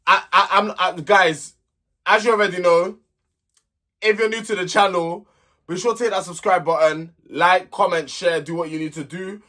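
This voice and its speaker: Young man, recap vlogger, blunt and exasperated, slightly higher voice, bright tone. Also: fairly even intonation, moderate pace. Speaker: host of a reality TV recap channel. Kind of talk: casual opinionated recap commentary.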